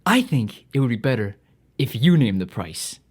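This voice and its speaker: A man voicing a smooth, evasive male car salesman who talks in a slow, coaxing drawl. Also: mid-range voice, big pitch swings, darkish tone, pitched below the performer's own voice.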